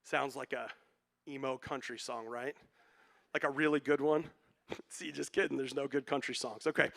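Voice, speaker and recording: A man preaching a sermon as pastor, conversational and joking, with quick asides. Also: mid-range voice, steady tone, gravelly, a bit bright.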